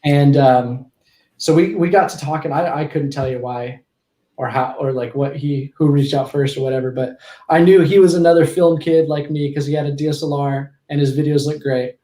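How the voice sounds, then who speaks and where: A man in his twenties talks through a story as a podcast guest, in a slightly high voice that keeps restarting and correcting itself. His casual rambling carries a noticeable echo from the room around him. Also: normal speed, warm tone. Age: 20s.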